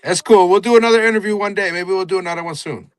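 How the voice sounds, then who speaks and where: A man who is an interview guest, wrapping up a casual conversation in a friendly, relaxed way with light slang. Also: high voice, racing, clean tone.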